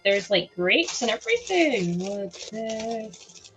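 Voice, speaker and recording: A woman's voice: medium pitch, big pitch swings, takes it slowly, music in the background, poor audio. A young woman with a sore throat, chatting casually and giggling on a livestream while she builds, talking into a headset at home. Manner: chatty, giggly, reacts to chat aloud. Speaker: livestream host.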